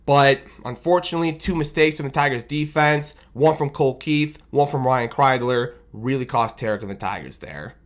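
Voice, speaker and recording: A man giving a casual, animated recap of his team's loss as a fan commentator, self-deprecating and rambling, talking into a desk microphone. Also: mid-range voice, moderate pace, few pauses. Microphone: desk microphone on camera.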